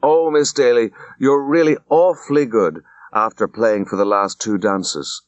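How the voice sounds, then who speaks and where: A man voicing a brisk young woman who hosts a dance, coaxing her guests quickly and brightly. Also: mid-range voice, no echo, lightly acted. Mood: eager.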